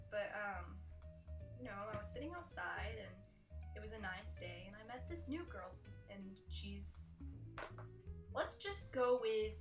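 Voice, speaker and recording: A woman's voice: mid-range voice, far from the mic. A young woman doing a sarcastic comic countdown monologue, slipping in mocking impressions. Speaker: comedy vlogger. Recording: echoey room with faint music.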